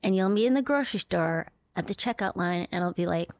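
A woman's voice: lowish voice, expressive, a little fast, no echo. A woman comedian from Duluth with a Minnesotan accent, chatting in an interview and slipping into voices as she talks. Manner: mimics voices, soft trailing delivery. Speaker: comedian guest. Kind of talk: casual interview chat.

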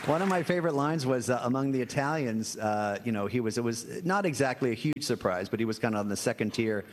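A man's voice: medium pitch, animated, fast, background noise. A man in his sixties, a priest guest, telling anecdotes with self-deprecating chuckles. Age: 60s. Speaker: priest guest on a comedy quiz show. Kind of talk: storytelling interview answers.

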